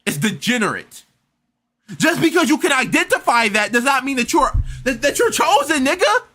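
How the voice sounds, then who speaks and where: A man's voice: extremely high pitch, lively intonation, brisk, pushed and bright. A young man reacting to a video in casual commentary, incredulous and stammering through restarts.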